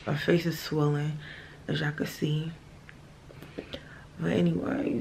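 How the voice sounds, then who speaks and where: A woman's voice: low-pitched, level tone, takes it slowly, gravelly, long pauses, darkish tone, a little hiss or hum. A young woman in her twenties vlogging to camera in casual slang, swearing freely. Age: 20s. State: mouth numb and swollen, talking stiffly. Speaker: travel vlogger.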